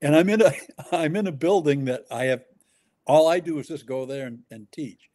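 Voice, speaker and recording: A man speaking as a pastor in a relaxed ministry conversation, pausing and restarting often as he describes his work. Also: fairly high pitch. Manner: halting, with many restarts and fillers.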